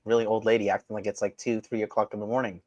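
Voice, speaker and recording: A man hosting a live stream, ranting crudely and mockingly, his voice swinging from loud outbursts to low mutters. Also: level tone, racing, dry recording, muffled recording. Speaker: livestream host. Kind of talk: crude provocative livestream rant.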